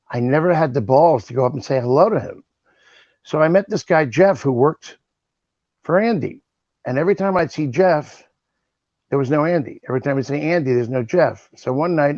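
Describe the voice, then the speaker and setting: A man in his sixties spins animated anecdotes as a guest, slipping into the voices of the people in his stories. His voice sounds close and dry, with no room around it. It comes through the muffled, lo-fi sound of a video call. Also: medium pitch, no room sound. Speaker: guest, original cast member. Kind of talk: anecdotal storytelling.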